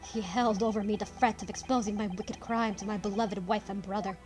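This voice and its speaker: A woman reading aloud as a male nobleman confessing in his last will, slow and halting over the words. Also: medium pitch, steady tone, a little mellow, soft background music, close to an everyday voice. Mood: grave. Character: male gentleman writing a murderer's confession. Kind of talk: reading game dialogue aloud.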